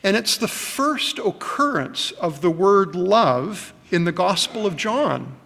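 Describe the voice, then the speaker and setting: A man preaching a sermon, earnest and measured, with frequent ums and uhs as he gathers his words. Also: sits high, big pitch swings, vocal fry, fairly bright tone. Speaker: pastor. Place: church hall with long reverb. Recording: reverberant church hall.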